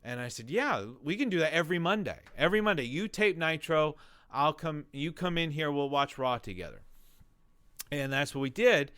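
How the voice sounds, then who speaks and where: A man in his forties, a guest telling a long story in an interview, animated and rambling, full of restarts and acted-out quotes. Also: a little high, normal speed, clean tone, no room sound. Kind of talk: conversational storytelling.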